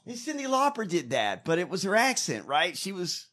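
A man co-hosting a comedy podcast, talking in a loud, profane, ranting way. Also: high-pitched, huge pitch swings, normal speed. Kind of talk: casual profane comedic chat.

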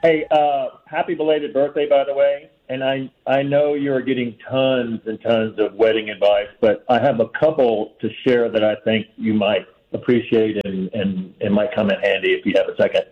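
A man's voice: mid-range voice, fairly even intonation, normal speed, hardly any pauses. A man calling into a radio show, giving earnest, heartfelt advice. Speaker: caller. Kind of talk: phone-in advice. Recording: tinny phone line.

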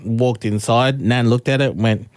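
An Australian man co-hosts a radio show, telling stories and laughing along. His voice sits at a middling pitch. The studio sound is dry and close. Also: measured pace, dry recording. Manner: storytelling, laughing, lively. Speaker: radio co-host. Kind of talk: casual radio banter.

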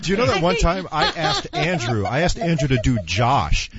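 A man on a radio show staff telling a story in a relaxed, chuckling way during studio banter. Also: a little high, normal speed, lo-fi sound, over a noisy crowd.

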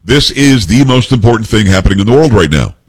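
A man's voice: lowish voice, lively intonation, fast talker, husky. A man hosting a talk radio show, reading news reports aloud and giving blunt, opinionated commentary.

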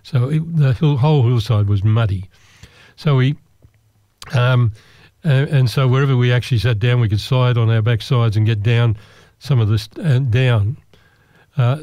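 Casting note: male raconteur, middle pitch, mellow and relaxed, self-deprecating humour. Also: no room sound. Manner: self-deprecating, wry, rambling with restarts. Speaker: storyteller. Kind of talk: personal anecdote told to listeners.

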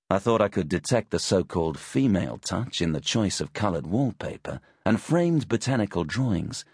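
A male audiobook narrator reading a first-person story with wry, measured delivery. His low, husky voice swings widely in pitch, and the close mic leaves the sound completely dry. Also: a little mellow, no echo.

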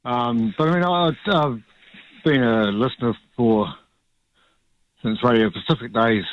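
A man with a New Zealand accent calling in to talkback radio, speaking haltingly with many ums. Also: medium pitch, no echo. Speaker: caller. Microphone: phone line. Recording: dull phone line.

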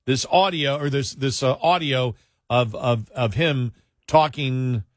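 A man's voice: medium pitch, takes it slowly, no room sound, clean studio sound. A man hosting a casual talk show, rambling and correcting himself before building to emphatic points.

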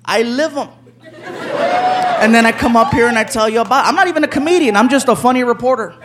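A man's voice: very high voice, fast, heavy background noise. A man performing a stand-up routine, chatting with the audience and laughing at his own asides. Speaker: stand-up comedian. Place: comedy stage before a live audience.

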